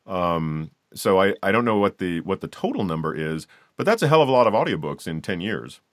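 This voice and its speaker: Very deep-voiced man hosting a chat. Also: lively intonation, brisk, no echo, studio quality. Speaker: podcast host. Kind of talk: casual interview chat.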